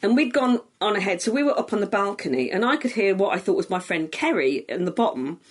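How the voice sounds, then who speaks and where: Lady comic chatting on a podcast, sweary, lively storytelling. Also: medium pitch, fast talker. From Scotland. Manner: swearing, animated storytelling with shouted quotes. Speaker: comedian guest. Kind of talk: casual podcast chat.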